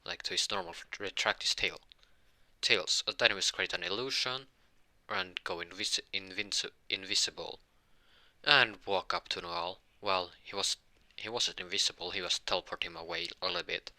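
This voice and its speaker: A young man telling an improvised fan-fiction story, rambling and often stopping to correct himself. His voice is low and strikingly bright. It is recorded close and dry, with no room sound. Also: lively intonation, normal speed, no echo. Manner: rambling, with many restarts and self-corrections.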